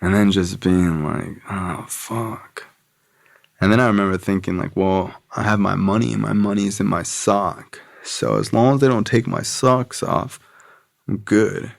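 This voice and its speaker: A young man with a low, gravelly voice from Florida, telling his story as a podcast guest. He talks casually and swears freely, slipping into the voices of the people in his tale. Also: steady tone, moderate pace. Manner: casual, profane, quoting others in his story.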